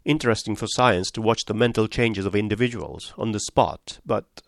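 A man voicing an eccentric old male doctor who speaks in a calm, sententious, imperturbable way. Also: on the low side, moderate pace, creaky, dry recording, clean studio sound. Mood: calm probing.

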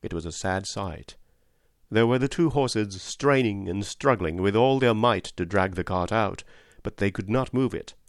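Low-voiced man reading a story. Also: a little slow, dry recording, studio quality. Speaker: audiobook narrator. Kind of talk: scripted narration.

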